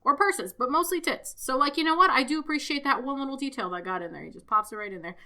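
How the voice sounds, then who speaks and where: Bright-voiced woman podcast co-host. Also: sits high, fast. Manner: animated, profane, self-correcting. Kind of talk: casual chat reviewing a cartoon.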